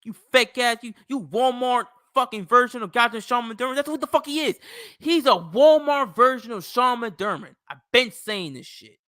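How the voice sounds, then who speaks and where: High, bright-voiced ranting sports host man. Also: normal speed, dry recording, clean studio sound. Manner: profane, heated trash-talking.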